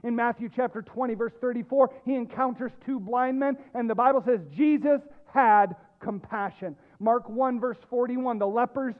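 A male pastor preaching a sermon, emphatic, dropping low and quiet and then rising with loud stress. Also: fairly even intonation, normal speed, few pauses. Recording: tinny phone-like lo-fi sound.

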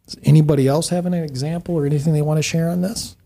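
A man hosting a casual church panel discussion, telling stories in an animated way. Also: fairly high pitch, fast, creaky. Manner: animated storyteller who acts out quotes. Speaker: podcast panel host.

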